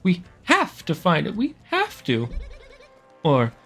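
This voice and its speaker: A man's voice: high-pitched, wildly swooping pitch, slow pace, fairly bright tone, breathy edge, pitched above the performer's own voice, full character voice. A man putting on a gushing Southern-belle lover. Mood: pleading. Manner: gushing and demanding. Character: clingy, melodramatic lovestruck woman.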